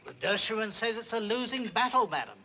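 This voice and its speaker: An actor playing a prim, timid butler with stiff, formal diction, in a 1960s sitcom. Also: male voice, high voice, expressive, fairly quick, sharp tone, slight background noise, poor audio.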